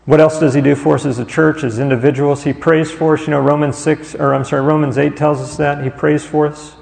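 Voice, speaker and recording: Male pastor, sermon delivery, fairly high gravelly voice, long church-hall reverb. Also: little pitch movement, a little mellow. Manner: rhetorical questions, pauses on listed words.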